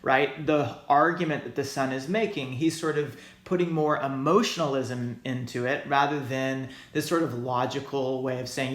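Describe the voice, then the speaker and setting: A man's voice: mid-range voice, fairly even intonation, normal speed, hardly any pauses, echoey room. A male teacher giving a recorded lecture in a loose, hedging way, often checking in with "right?" and "okay?". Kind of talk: recorded lecture explaining logic.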